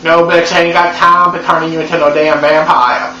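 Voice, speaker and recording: A man's voice: fairly high pitch, little pitch movement, fairly quick, sharp tone, echoey room, slight background noise, rough recording. A man voicing a brooding teenage vampire boy who turns people down bluntly and curtly. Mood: dismissive.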